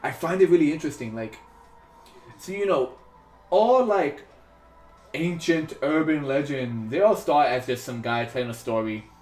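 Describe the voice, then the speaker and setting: A man's voice: on the high side, normal speed, darkish tone. A man hosting a sculpting livestream, chatting casually as he works, rambling with many fillers and restarts. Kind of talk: casual chat while working. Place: home studio in New York. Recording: roomy echo, faint music behind.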